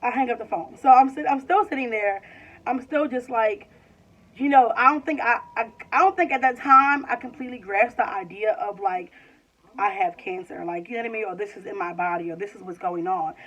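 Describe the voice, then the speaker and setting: A woman in her twenties, a vlogger, tells a casual personal story in a slightly high, a bit bright voice, talking a little fast. She fills it with "like" and keeps restarting as she rambles, and the audio is dull, lo-fi, and a little distant.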